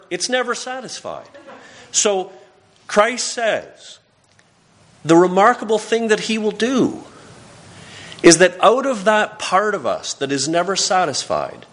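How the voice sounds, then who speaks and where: A man's voice: medium pitch, fairly bright tone. A man pastor giving a sermon in a folksy storytelling way, often restarting his sentences.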